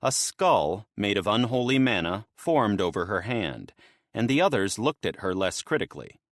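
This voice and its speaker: Man, audiobook narrator, first-person, expressive, animated, dry studio recording. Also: fairly low pitch, normal speed, dry recording.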